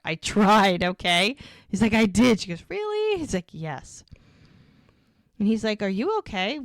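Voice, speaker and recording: A woman's voice: medium pitch, no echo, clean studio sound. A woman co-hosting a podcast, casually retelling scenes and acting out the dialogue. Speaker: podcast co-host recapping episodes. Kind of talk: casual chat.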